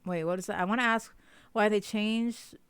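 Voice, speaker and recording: A woman's voice: medium pitch, steady tone, moderate pace, clear, resonant tone, no echo. Congested woman chatting with a giggle. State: congested, sniffly. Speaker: podcast co-host. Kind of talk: casual chat.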